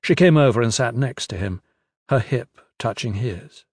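A man narrating a fantasy novel in a measured, even storytelling manner into a close studio mic. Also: mid-range voice, breathy edge, no echo. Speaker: audiobook narrator.

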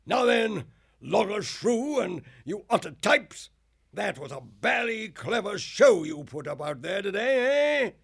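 A man doing a plummy raspy hare officer. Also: sits high, very animated, measured pace, fairly bright tone, voice pushed up, heavily acted. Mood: jovial. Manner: plummy old-soldier banter. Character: jolly posh male hare officer. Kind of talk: audiobook character voice.

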